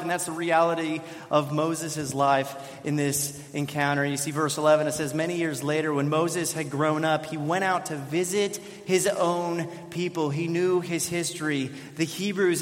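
High-voiced pastor preaching in a reverberant sanctuary. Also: male voice, normal speed, hardly any pauses. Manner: storytelling, self-deprecating, animated. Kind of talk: sermon. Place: church sanctuary. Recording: long hall reverb.

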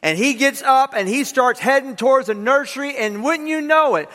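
A man's voice: very high voice, moderate pace, pushed and bright, in a large hall. A man preaching a sermon to his congregation, who leads them in repeating key lines aloud. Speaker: pastor. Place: church sanctuary.

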